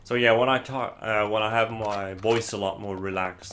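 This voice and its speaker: A man's voice: lowish voice, steady tone, normal speed, hardly any pauses, fairly bright tone, slight background noise. A man whose first language is Icelandic chats casually while streaming a game, rambling with lots of fillers and restarts. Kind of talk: casual gameplay chat.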